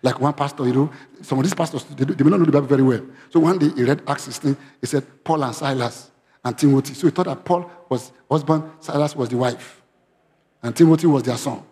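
A man's voice: mid-range voice, fast. Preaching man. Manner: interactive, asks congregation questions; animated, raising voice when quoting. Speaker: pastor. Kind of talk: sermon. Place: church hall. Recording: long hall reverb.

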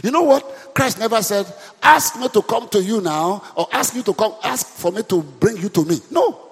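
Calling out questions again and again, a male pastor pushes his congregation to respond during his sermon. He speaks at a moderate pace in a high-pitched, slightly rough voice with vocal fry and lively intonation, and the recording has a long hall reverb.

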